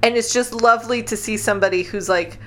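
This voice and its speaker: A woman's voice: on the high side, fast talker, a bit bright. A woman co-hosting a podcast in casual chat, rambling with lots of fillers and laughing easily. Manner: chatty, full of "like" fillers, laughs often. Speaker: podcast co-host.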